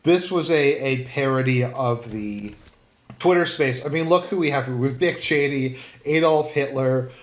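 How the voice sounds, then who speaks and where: A man's voice: mid-range voice, unhurried. A man giving casual commentary online, rambling and blunt, with many fillers and some swearing. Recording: roomy, echoey room.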